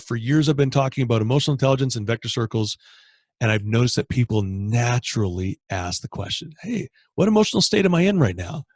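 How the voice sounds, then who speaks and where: A man's voice: fairly high pitch, no echo. A man from Canada hosting a training video call, coaching with energy and acting out inner thoughts. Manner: energetic, animated, acts out inner dialogue. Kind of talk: motivational coaching talk.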